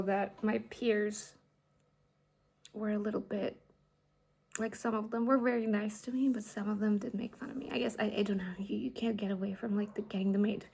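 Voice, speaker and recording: A young woman from India, with Hindi as her first language, talks straight to her camera in a loose, rambling vlog. Her voice is husky and breathy, with a gravelly fry at the ends of phrases. She often sinks into a soft half-whisper. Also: medium pitch. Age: young adult. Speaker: vlogger and artist. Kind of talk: casual vlog talk to camera.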